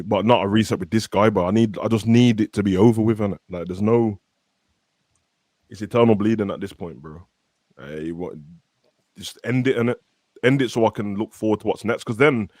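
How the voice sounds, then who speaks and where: Weary low-voiced man. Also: darkish tone, no echo, clean studio sound. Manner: weary, frustrated, slangy. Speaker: football fan panelist. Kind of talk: casual podcast chat.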